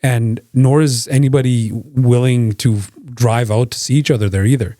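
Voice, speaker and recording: Canadian dude cohosting, warm dark voice, chatty and loose, dry close mic. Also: male voice, mid-range voice, steady tone, normal speed, no echo. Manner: chatty, explains with comparisons, fillers like "like" and "you know". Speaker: podcast co-host. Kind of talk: casual chat.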